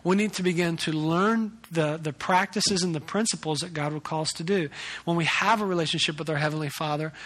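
Male pastor, high pitch, bright voice, casual sermon, animated storytelling, restarts sentences. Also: fairly quick.

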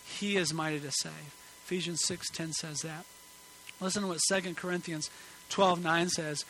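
Earnest, bright-voiced male preacher. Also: on the high side, fairly even intonation, measured pace, slight background noise, poor audio. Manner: earnest, emphatic preaching that drops to soft pleading. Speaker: pastor. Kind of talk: sermon. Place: church sanctuary.

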